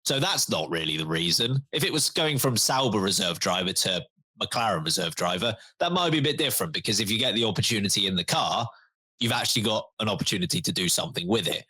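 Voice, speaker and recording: Animated man, bright husky voice. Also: on the low side, fast talker. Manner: animated, laughs, puts on quoted voices. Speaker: podcast co-host. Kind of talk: casual chat.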